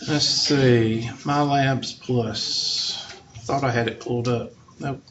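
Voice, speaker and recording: A man's voice: mid-range voice, fairly even intonation, moderate pace. A man teaching a math class, joking and sarcastic as he lectures. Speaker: math instructor. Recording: dull lo-fi classroom recording with faint noise.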